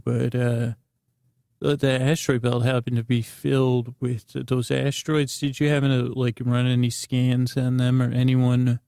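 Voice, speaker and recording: A middle-aged man rambling through an improvised bedtime story, halting and restarting often. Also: mid-range voice, creaky, dark tone, no echo, studio quality. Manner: meandering, halting, with many restarts. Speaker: bedtime podcast host.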